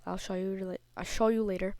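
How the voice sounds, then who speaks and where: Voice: mid-range voice, little pitch movement, fast talker, a little mellow, clear, resonant tone, no echo. Indignant, slightly sick kid vlogger. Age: child, before puberty. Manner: rambling, indignant storytelling. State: a little sick. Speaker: video creator. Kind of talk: casual vlog commentary over screenshots.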